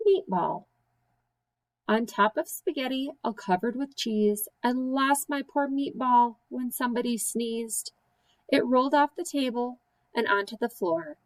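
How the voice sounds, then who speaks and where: A woman teacher reading silly children's poems aloud with slow, sing-song, playful emphasis. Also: fairly high pitch, low-quality recording. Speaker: special education teacher.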